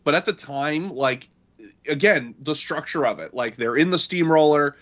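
A man's voice: a little high, normal speed, fairly bright tone. A man co-hosting a casual podcast chat about a movie, rambling through scenes with lots of fillers. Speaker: podcast co-host. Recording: dull lo-fi audio.

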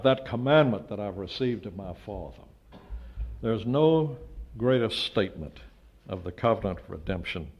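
An older man preaching a sermon, emphatic, with his voice rising to loud peaks when he stresses a point. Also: on the low side. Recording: dull lo-fi sound.

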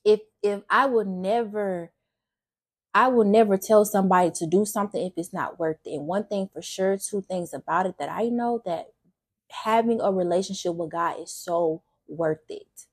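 A young woman talks openly about her faith and her past, earnest and emotional. Her voice is husky and of middle pitch. She speaks casually, often stopping to restart a sentence. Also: normal speed. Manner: casual speech with frequent restarts. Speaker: faith vlogger. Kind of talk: personal testimony talk.

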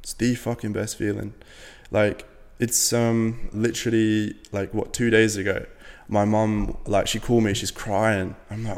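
A young man from Latvia speaks in a fairly low voice, talking casually as a podcast guest. He is blunt, swears freely, and fills his sentences with "like" and "you know". His voice rings with a long reverb, as if in a large room. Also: flat delivery, measured pace, hardly any pauses. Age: 20s. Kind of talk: casual interview talk.

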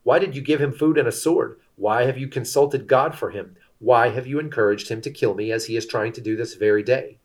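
A man's voice: mid-range voice, fairly quick, hardly any pauses, close to an everyday voice. A man reading the part of an angry, suspicious king who demands answers. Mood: accusing. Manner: accusing, demanding. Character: angry suspicious old king, shouting accusations.

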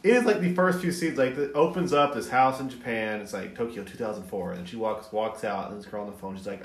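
A man chatting on a podcast, retelling a movie in an animated way, swearing and laughing often. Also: mid-range voice, fast, hardly any pauses, roomy sound. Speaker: podcast co-host. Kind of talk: casual chat.

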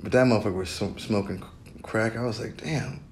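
A man's voice: fairly low pitch, brisk, darkish tone, a little hiss or hum. A young man hosting a podcast alone, rambling in a casual monologue, swearing constantly and breaking into laughter. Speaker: podcast host.

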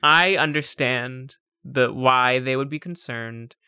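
A woman's voice: a bass voice, slow, pushed and bright, clean tone, dry recording, studio quality. A woman casually chatting and debating while playing a video game, laughing often. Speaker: game streamer. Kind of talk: casual chat over gameplay.

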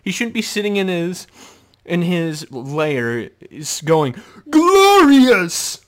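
A man hosting a podcast, reviewing a movie in casual solo chat, animated and laughing often as he slips into mock voices. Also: on the high side, takes it slowly. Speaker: podcast host.

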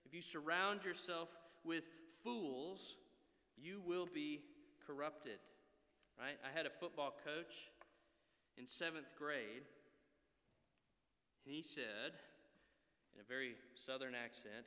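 A man in his thirties preaching a sermon, earnest and exhorting, often checking in with his listeners with a quick "right?". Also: medium pitch, sharp tone. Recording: long reverb of a large hall.

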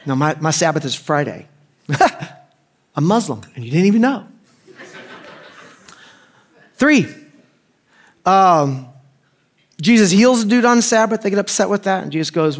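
A man's voice: high voice, animated, brisk. Joking, chatty male preacher. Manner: conversational and joking, acting out quoted voices. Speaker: pastor. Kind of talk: casual sermon.

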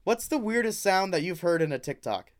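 A young man riffs through crude bits on a casual comedy podcast, rambling from one joke to the next. His voice sits a little high and comes across smooth and clean. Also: big pitch swings, a little fast. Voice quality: crude, rambling jokey delivery. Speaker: podcast co-host.

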